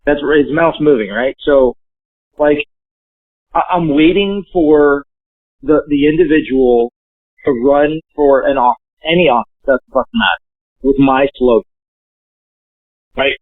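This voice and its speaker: A man's voice: mid-range voice, measured pace, long pauses, no echo. Joking, swearing man on a phone line. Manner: profane, joking, animated storyteller. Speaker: podcast guest. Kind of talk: casual chat. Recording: tinny dry phone line.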